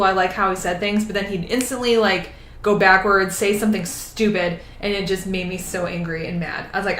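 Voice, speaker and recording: A young woman co-hosting a podcast in casual chat, animated, swearing freely and laughing often. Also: medium pitch, fairly quick, reverberant, a little hiss or hum. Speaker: podcast co-host.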